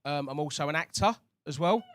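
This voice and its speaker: A stand-up comedian works a comedy club crowd. He is chatty and cheeky, with a fairly high voice for a man, speaking into a stage mic. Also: animated, brisk.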